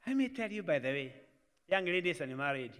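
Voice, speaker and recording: A man's voice: on the high side, big pitch swings, a little fast, a bit bright, smooth. A man with a Kenyan accent preaching to young people, mixing Swahili phrases into his English and acting out family conversations. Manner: mixes Swahili into English, acts out family dialogues. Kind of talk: sermon. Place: church hall. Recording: church live stream with long reverb.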